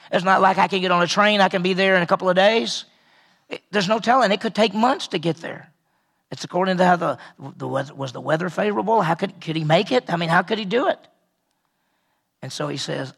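Man, pastor, conversational sermon, gravelly voice, earnest, repeats himself, drops quiet for emphasis. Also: sits high, quick pace. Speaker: pastor teaching a Bible study.

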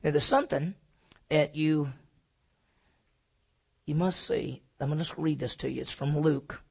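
Gravelly, husky preacher man. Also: fairly high pitch, a little slow. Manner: swings from loud emphatic preaching to hushed, near-whispered lines; asks the congregation questions and answers them himself. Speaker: pastor. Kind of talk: sermon.

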